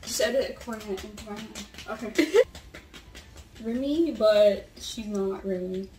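A woman's voice: medium pitch, normal speed, mellow. A woman cosplayer chatting playfully and teasing her friends while they make candy. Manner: playful, teasing, bursts into laughs. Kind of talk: casual chat. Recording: echoey room, mic far off, noisy.

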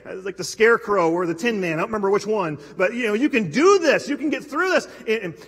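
Husky high-voiced preacher in reverberant hall. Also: male voice, expressive, quick pace, a bit bright. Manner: conversational storytelling with self-deprecating humor. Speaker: pastor. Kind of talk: sermon. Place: church sanctuary.

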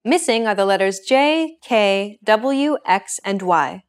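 A woman hosting a language lesson, reading a script with a clear, upbeat teacher's delivery. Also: mid-range voice, expressive, takes it slowly.

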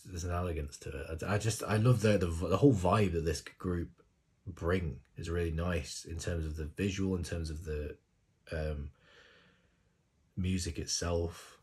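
A man hosting a music video reaction, talking in a rambling, effusive way with sudden excited exclamations. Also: low voice, moderate pace, breathy edge. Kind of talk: casual reaction commentary.

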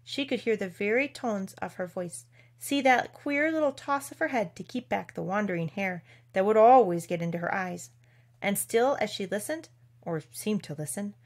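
Brief: a woman narrating a children's storybook, expressive and measured, middle pitch. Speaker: audiobook reader. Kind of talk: storybook reading.

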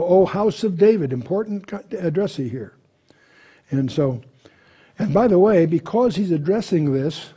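A man with a warm, slightly rough voice that runs a little high teaches verse by verse through a Bible passage. He reads the scripture aloud with lifted emphasis, then explains it conversationally, often restarting and repeating words as he thinks.

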